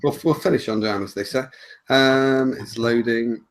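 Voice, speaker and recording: A man's voice: medium pitch, normal speed, a little hiss or hum, rough recording. A man hosting a casual podcast, loosely reading out listener questions. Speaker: podcast host.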